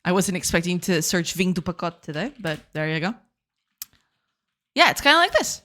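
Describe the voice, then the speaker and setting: A woman's voice: on the low side, sing-song, fairly quick. A woman streaming her game development live, chatting casually and laughing often, and repeating words as she searches for them. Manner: laughs often and reacts warmly to chat.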